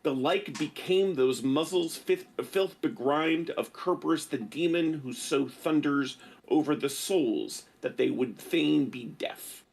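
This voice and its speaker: A man with a husky, somewhat high voice reads translated classic verse, slowing down on key phrases. Between passages he chats casually as the discussion host.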